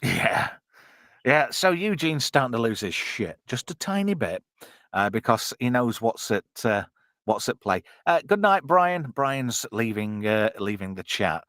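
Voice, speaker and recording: Chatty male host, lively pitch. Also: unhurried, no echo, clean studio sound. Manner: chatty, jokey, filler-heavy, reads chat aloud. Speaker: podcast host watching a film with chat. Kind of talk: casual live watch-along chat.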